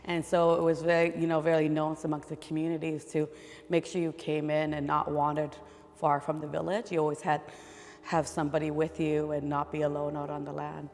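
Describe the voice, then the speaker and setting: A woman telling a traditional legend in a relaxed, conversational way. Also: low-pitched, a little fast, long reverb tail, slight background noise. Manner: relaxed, conversational, with fillers and restarts. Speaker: storyteller.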